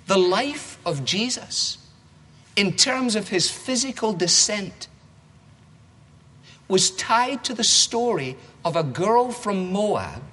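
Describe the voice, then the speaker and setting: A male preacher reads a rhyming children's story aloud in a playful, rhythmic sermon. His voice is slightly high and bright. A long hall reverb trails each line. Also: slightly rough.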